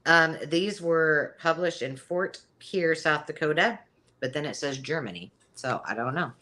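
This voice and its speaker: Very low-voiced chatty woman host. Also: a little slow, sharp tone. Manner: rambling, chatty, with frequent ums. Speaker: live sale host. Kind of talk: casual live-stream selling chat.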